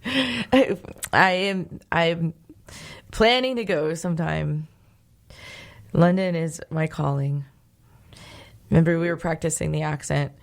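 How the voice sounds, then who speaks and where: An American woman hosting an interview in a chatty, giggly, relaxed way. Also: sits low, takes it slowly, creaky, long pauses. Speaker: interview host. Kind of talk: casual interview chat.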